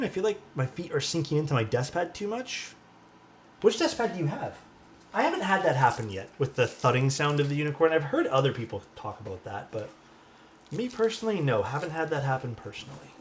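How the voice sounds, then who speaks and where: A man's voice: a little high, big pitch swings, a little fast, slight background noise. A man streaming as he assembles a keyboard, talking casually, thinking aloud and answering chat, sometimes drifting away from the mic. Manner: drifts off-mic while searching for parts.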